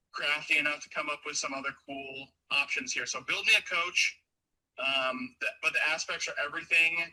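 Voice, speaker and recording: Man, fairly high bright voice, casual voice note, easygoing, searching for words. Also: low-quality recording. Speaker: caller leaving a voice note. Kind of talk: casual voice message. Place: on the way to work.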